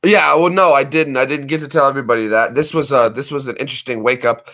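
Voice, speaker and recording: A livestream host chats casually and rambles, speaking at a quick pace in a medium-pitched voice. He's animated and does voices for his pets.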